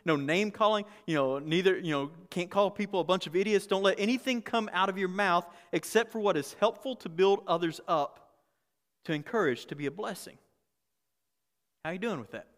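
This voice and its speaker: A pastor preaching a candid, conversational sermon with humor and frequent restarts. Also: male voice, high voice, a bit bright, big-room sound.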